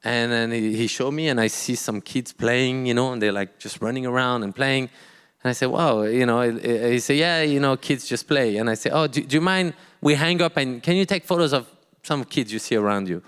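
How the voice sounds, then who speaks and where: A man, a guest artist telling a story on stage, halting often and acting out quoted dialogue. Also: medium pitch, a bit bright, smooth, long reverb tail. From France. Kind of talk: storytelling in a live talk.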